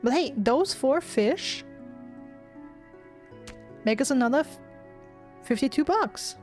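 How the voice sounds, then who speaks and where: A woman's voice: sits high, expressive, slow, darkish tone, soft background music. Chatty woman gaming streamer. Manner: thinking aloud, chatty. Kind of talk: casual let's-play commentary.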